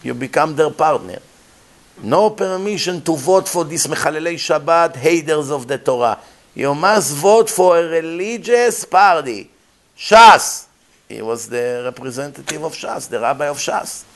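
A man, a rabbi, giving a Torah lecture in emphatic, animated style, dropping Hebrew phrases into non-native English. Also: on the high side, measured pace.

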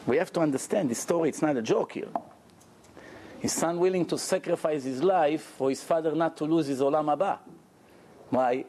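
Animated male rabbi telling a story. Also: on the high side, moderate pace, a little hiss or hum. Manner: animated, addresses the audience with questions. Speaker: rabbi giving a lecture. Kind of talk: storytelling sermon. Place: lecture room with audience, indoors.

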